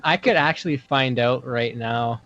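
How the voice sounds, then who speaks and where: A man's voice: mid-range voice, moderate pace, fairly bright tone, no echo, dull audio. A man chatting as a guest, telling jokey self-deprecating stories. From Canada. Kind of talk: casual chat.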